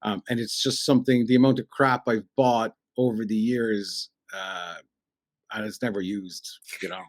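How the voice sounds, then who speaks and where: In a lowish, fairly even voice at a moderate pace, an Irish radio presenter with a Cork accent spins rambling stories on a podcast, saying "you know" again and again. The recording is dry.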